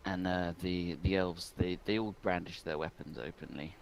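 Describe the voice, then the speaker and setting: A man's voice: low-pitched, moderate pace, creaky, few pauses, a little hiss or hum, poor audio. A man narrating a tabletop game as game master, descriptive and hesitant with ums.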